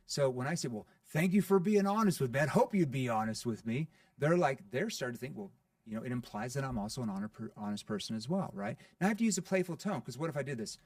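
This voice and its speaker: A man being interviewed on a podcast as a sales coach, talking in an animated way and acting out playful sales lines. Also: medium pitch, no echo, clean studio sound, recorded from a distance.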